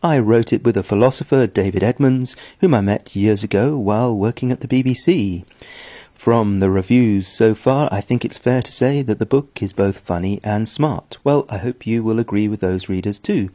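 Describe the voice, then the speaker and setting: A man with a warm, mellow voice reads a friendly announcement. His pitch sits slightly low and he speaks plainly. The sound is dry and close. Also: moderate pace, no echo. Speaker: story writer. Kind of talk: scripted announcement.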